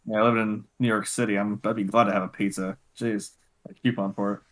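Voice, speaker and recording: A man co-hosting a podcast, telling animated stories in casual chat. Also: lowish voice, fairly quick. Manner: animated storytelling. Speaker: podcast co-host.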